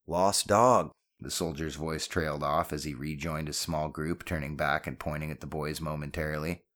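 A man narrating an audiobook with steady, measured storytelling. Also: very deep voice.

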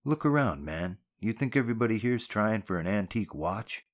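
A man voicing a tough, sardonic male criminal with a gravelly, blunt delivery. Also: on the low side, lively intonation, fairly quick, voice pushed up, natural voice.

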